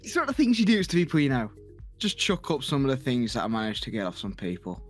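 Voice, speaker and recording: A man's voice: mid-range voice, lively intonation, quick pace, faint music behind. A young man, teasing his friend and acting out people in his stories. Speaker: co-host. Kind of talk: casual gaming banter.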